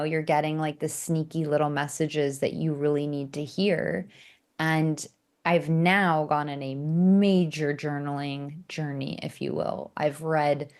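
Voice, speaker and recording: A woman, an author and coach, telling candid stories as a podcast guest, animated and self-mocking, with sarcastic asides. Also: deep voice. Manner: acts out quoted dialogue in character voices. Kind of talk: candid conversational storytelling.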